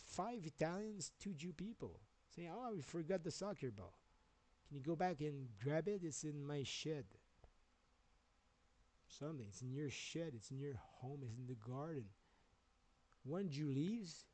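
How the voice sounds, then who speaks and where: A man's voice: on the high side, dark tone, breathy edge, no room sound, poor audio. A man ranting on his own livestream, agitated and rambling, with plenty of swearing. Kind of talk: rambling solo livestream rant.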